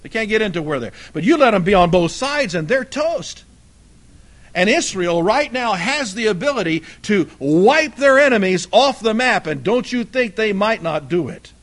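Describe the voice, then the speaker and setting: A man preaching a fiery sermon, swinging between loud emphatic bursts and low, quiet asides. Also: lively intonation, normal speed.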